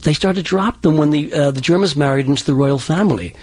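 A man who is a dialect coach, explaining accent history in a halting way with frequent restarts. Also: fairly high pitch, darkish tone, slightly rough. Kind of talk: interview answers.

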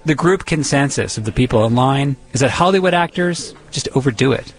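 A man's voice: mid-range voice, lively intonation, brisk. Wry male radio reporter. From Boston area. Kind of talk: scripted radio feature narration.

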